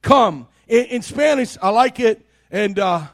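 A man preaching a sermon as a missionary, fervent and shouting hallelujahs, quoting scripture in a singsong. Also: high-pitched, lively intonation, unhurried.

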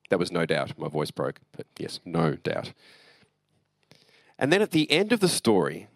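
Male pastor, low voice, dry close sound, earnest conversational sermon. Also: no room sound. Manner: conversational and earnest, with restarts and asides.

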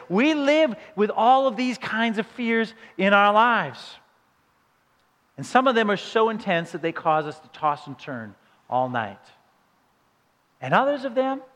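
A man preaching a sermon with dramatic delivery, dropping to hushed low passages and rising into emphatic questions. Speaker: pastor. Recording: long hall reverb.

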